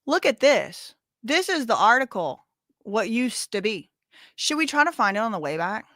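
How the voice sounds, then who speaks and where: Lady on a livestream, bright voice, dry close sound, sassy and blunt. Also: on the high side, very animated, moderate pace, dry recording. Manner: sassy, blunt, talks straight to chat. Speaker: livestream host. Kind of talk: casual livestream commentary.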